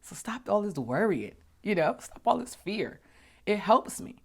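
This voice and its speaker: A woman hosting her own podcast, telling personal stories in a chatty, animated way, acting out conversations and dropping to soft murmurs when she reflects. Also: unhurried, slightly rough. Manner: chatty, animated, acts out dialogue with big pitch jumps. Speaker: podcast host. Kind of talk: casual personal storytelling.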